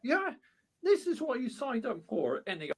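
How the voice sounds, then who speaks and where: A man rants about his football team in a high, strained voice that leaps up and down as he shouts. He swears constantly and sounds furious throughout the vlog. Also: huge pitch swings, normal speed, husky. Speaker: football fan vlogger. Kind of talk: angry fan rant to camera.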